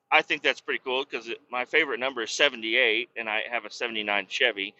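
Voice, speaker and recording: A man hosts a podcast and tells his story in a loose, rambling way, with a lot of swearing. His voice is very bright and cutting. The recording sounds dull and lo-fi. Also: medium pitch, steady tone, quick pace, hardly any pauses. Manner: profane, storytelling, worked-up. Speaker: podcast host. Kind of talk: casual rambling monologue.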